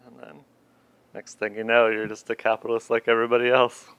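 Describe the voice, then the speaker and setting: Bright, smooth-voiced man in a dry room. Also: mid-range voice, monotone, fast, no room sound, lo-fi sound. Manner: laid-back, rambling, with many fillers. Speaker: film discussion panelist. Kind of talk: casual film discussion.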